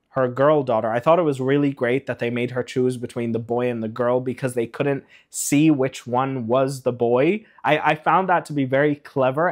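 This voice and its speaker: A man in an excited spoiler rant reviewing a TV episode, animated, rushing ahead and getting emotional along the way. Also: fairly high pitch. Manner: animated, rushes and trails off, emotional asides. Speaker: YouTube reviewer.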